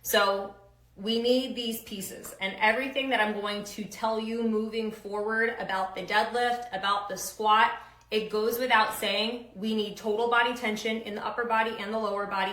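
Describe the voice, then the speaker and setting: A woman's voice: medium pitch, a bit bright, roomy sound, poor audio. A woman strength coach giving upbeat, casual instructions with slang and countdowns for kettlebell lifts.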